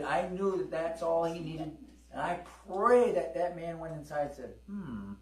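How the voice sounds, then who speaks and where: Man, pastor, storytelling sermon, call-and-response, roomy echo, mains hum. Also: on the high side. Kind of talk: sermon with personal testimony. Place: church hall. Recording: roomy hall, distant mic, mains hum.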